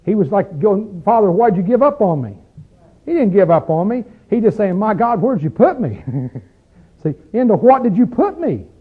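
Through a tinny, phone-like recording comes a husky, high male voice, very animated and at normal speed. He's leading a Bible study with the group, teaching emphatically, asking them questions, and lifting his voice to drive points home.

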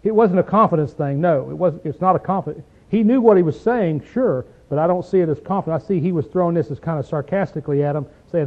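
Speaking quickly with few pauses in a voice on the high side, a man preaches a folksy, emphatic Bible study. He keeps asking "see?" and "okay?" and clears his throat, all through a tinny, phone-like recording.

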